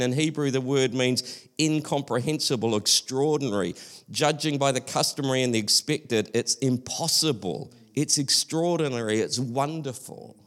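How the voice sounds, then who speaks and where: A man's voice: medium pitch, moderate pace, fairly bright tone. A male preacher giving an earnest, conversational sermon, often restarting his sentences.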